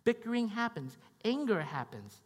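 Lively, conversational male preacher. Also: high voice, moderate pace, long reverb tail. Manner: conversational, repeats himself, keeps checking in with "right?" and "okay?". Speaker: pastor. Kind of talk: sermon.

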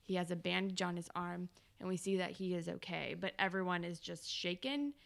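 A woman's voice: lowish voice, a little fast, vocal fry. A woman co-hosting a podcast, chatting casually as she retells a TV episode in detail with lots of fillers. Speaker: podcast co-host. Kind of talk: casual chat recapping a TV episode.

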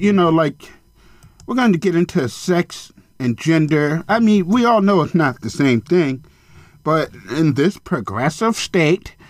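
A man hosting his own podcast in a casual solo monologue, speaking bluntly with lots of swearing and rambling tangents. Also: dry recording. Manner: mocking high-pitched impressions of others. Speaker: podcast host.

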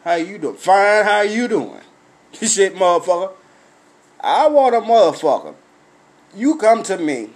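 A man telling a story as a blunt, animated comic rant, swearing constantly and breaking into laughs. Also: high-pitched.

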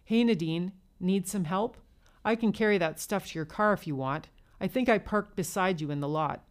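A jittery, stammering office man, voiced by a woman narrator speaks in this adult storybook reading. The voice sits low, and he hesitates and trips over his words as he tries eagerly to please. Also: moderate pace, natural voice. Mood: nervous eager. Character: nervous, eager middle-aged office man.

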